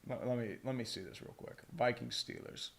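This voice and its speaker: A man calling a football game play-by-play on a live fan stream, excitable and profane, chatting with his viewers between plays. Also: mid-range voice, brisk, gravelly. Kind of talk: live watch-along commentary.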